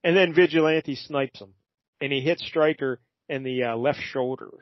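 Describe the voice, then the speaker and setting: A man's voice: on the high side, normal speed, no room sound. Laid-back man recapping a comic, muffled. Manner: laid-back, rambling with many fillers. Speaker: podcast co-host. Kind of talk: casual chat recapping a comic.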